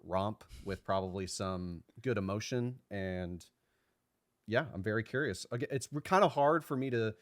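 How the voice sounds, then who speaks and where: Low-voiced man chatting on a podcast. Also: moderate pace, dry recording, studio quality. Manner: rambling, hedging with fillers and restarts. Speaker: podcast co-host. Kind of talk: casual chat.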